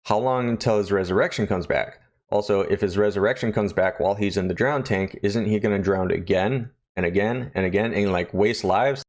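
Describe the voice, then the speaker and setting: Man, casual show recap, rambling, jokey, swearing, lowish voice. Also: fairly quick, a little mellow. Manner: rambling, joking, profane. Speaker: host of a horror-show review channel.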